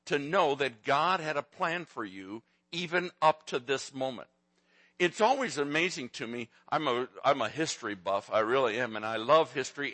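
A man's voice: medium pitch, pushed and bright, no room sound. A man in his sixties preaching a sermon, telling folksy family stories and joking with the congregation. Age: 60s. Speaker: pastor.

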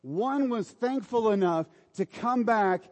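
A man's voice: high-pitched, lively intonation, takes it slowly, darkish tone, big-room sound. A man preaching a sermon in an informal, exhorting way, urging his listeners on. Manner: informal, exhorting, repeats "come on".

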